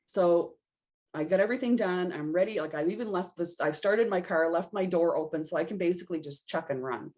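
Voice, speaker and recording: A woman's voice: on the low side, brisk, a little mellow. A woman guest on a podcast, telling a personal story in casual conversation and acting out her own reactions as she goes. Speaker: podcast guest, intuitive reader.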